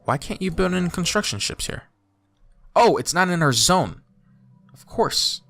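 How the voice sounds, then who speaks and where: Male YouTuber, let's play commentary; bright tone, swooping pitch, excited outbursts. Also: unhurried, gravelly. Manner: chatty, thinking aloud, bursts of excited exclaims. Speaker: YouTuber playing a strategy game.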